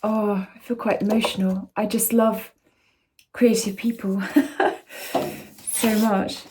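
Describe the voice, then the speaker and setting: A woman's voice: mid-range voice, unhurried, a little hiss or hum. Gushing woman vlogger. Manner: gushing and excitable, drops into soft whispers. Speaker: lifestyle vlogger. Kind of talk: casual chat to camera. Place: home indoors.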